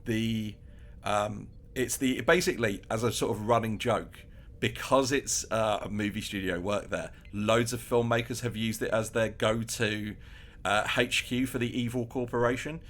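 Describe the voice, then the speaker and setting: A man's voice: on the low side, fairly even intonation, normal speed, fairly bright tone. A man co-hosting a podcast, chatting casually and animatedly, with many restarts, acting out little quotes. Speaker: podcast co-host. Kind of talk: casual chat.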